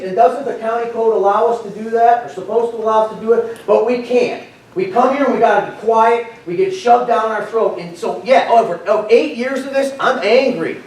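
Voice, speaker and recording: A man with a notably high-pitched voice delivers a heated public comment at a county board meeting. He is confrontational and impassioned, stumbling and repeating words as he presses his case. He is heard from a distance in a very echoey meeting hall.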